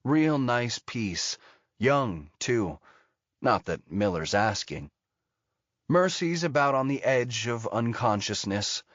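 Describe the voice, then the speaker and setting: Slow-reading man narrating a thriller. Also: medium pitch, lively intonation, fairly bright tone, no echo. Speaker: audiobook narrator. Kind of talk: scripted narration. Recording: dull lo-fi audio.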